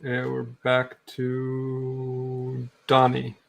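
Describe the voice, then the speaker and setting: Creaky-voiced, flat game master. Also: male voice, medium pitch, slight background noise. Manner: laid-back, halting, many ums. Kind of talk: narrating a tabletop game.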